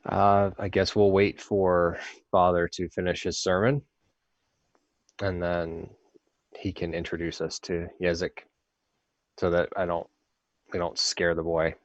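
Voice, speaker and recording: A man with a very deep voice plays a tabletop game, speaking in character in a slow, measured, fatherly way. The recording sounds slightly dull and dry. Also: level tone, no echo. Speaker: player.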